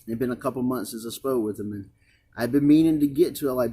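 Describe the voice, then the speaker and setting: A man's voice: mid-range voice, quick pace, warm tone, slightly rough. A man earnestly recounting a personal religious experience, rambling and repeating himself as he talks. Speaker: vlogger. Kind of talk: emotional personal testimony.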